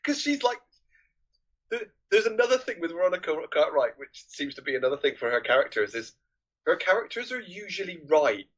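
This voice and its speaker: A man co-hosting a casual film podcast, lively, laughing often and acting out quotes. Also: a little high, brisk. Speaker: podcast co-host. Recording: dull lo-fi mic.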